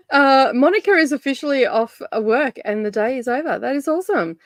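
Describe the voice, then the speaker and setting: A laughing Australian woman hosts a relaxed livestream and reads out messages from her viewers. Her voice sits a little high. It is recorded dry and close, with no room sound. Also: moderate pace, no echo. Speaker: livestream host. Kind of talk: casual chat.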